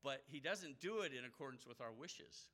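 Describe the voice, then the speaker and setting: Man, preacher, sermon, lively swinging pitch, bright tone. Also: moderate pace. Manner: animated, acts out quoted voices.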